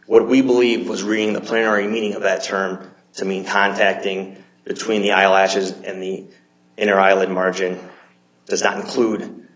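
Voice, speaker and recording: A man's voice: sits low, flat delivery, fairly bright tone. Man arguing an appeal in an echoing courtroom. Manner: measured, with frequent restarts and hedged legal phrasing. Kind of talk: courtroom oral argument. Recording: roomy courtroom echo.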